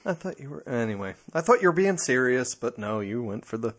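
A man's voice: mid-range voice, very animated, fairly quick. A man co-hosting a casual podcast, trading dry, teasing banter. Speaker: podcast co-host.

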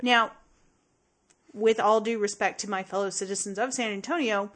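A woman's voice: medium pitch, fairly even intonation, moderate pace, fairly bright tone. A woman co-hosting a casual podcast chat, emphatic and blunt, swearing freely. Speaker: podcast co-host.

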